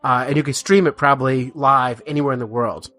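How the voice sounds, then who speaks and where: A man's voice: medium pitch, fairly even intonation, fairly quick, a bit bright. A man co-hosting a podcast, chatting casually, laughing often and joking at his own expense. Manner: laughs often, self-deprecating. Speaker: podcast co-host. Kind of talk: casual chat. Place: home in the mountains.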